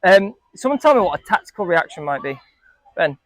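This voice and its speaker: A man's voice: high-pitched, big pitch swings, brisk, no echo. A man coaching a group of young football players, asking them questions and joking with them. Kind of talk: coaching talk to a group of kids.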